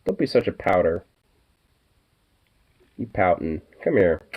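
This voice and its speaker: Deep-voiced laid-back man. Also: sing-song, moderate pace, long pauses, a little mellow. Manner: laid-back, swears casually, coos at his pets. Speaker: vlogger. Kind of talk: casual chat.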